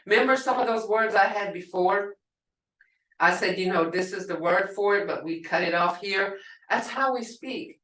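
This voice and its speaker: A woman teaching a language class over a video call, halting and explaining with examples. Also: medium pitch, a bit bright, far from the mic. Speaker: language instructor. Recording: echoey room, away from mic.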